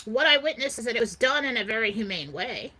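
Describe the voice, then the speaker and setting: Emphatic woman co-host, bright voice. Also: on the high side, very animated, fast talker. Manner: emphatic, insistent, repeats "okay?". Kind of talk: casual talk-show chat.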